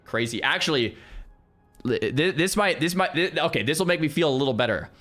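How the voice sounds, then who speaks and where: A young man streaming, chatting casually with his viewers in an animated way, with lots of restarts and loud exclamations. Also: a little high, fairly quick, faint music behind. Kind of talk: casual livestream chat with viewers.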